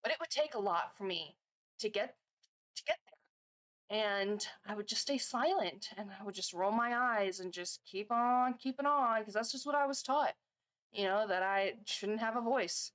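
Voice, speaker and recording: Woman, 30s, reaction vlogger; chatty rambler, fillers and restarts, mid-pitched. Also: expressive, moderate pace, fairly bright tone. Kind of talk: casual chat.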